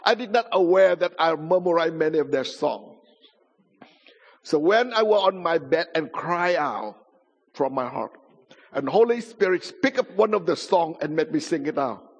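A man's voice: on the high side, lively intonation, moderate pace, husky. A man giving a sermon testimony in non-native English, with simple grammar and a dramatic storytelling manner. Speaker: pastor. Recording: muffled sound in a reverberant hall.

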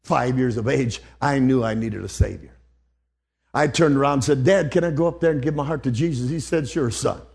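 A man's voice: mid-range voice, a little fast, vocal fry, darkish tone, husky. An older man preaching an old-fashioned sermon, dropping to near whispers and then rising to fervent outbursts.

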